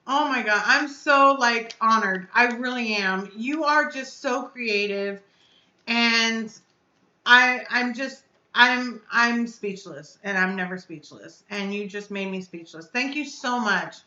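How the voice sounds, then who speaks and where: A woman's voice: a little high, slow, bright, forceful tone, roomy sound, lo-fi sound. A woman hosting a casual live stream, chatting effusively and answering her viewers' comments aloud. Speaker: vape reviewer hosting a live chat.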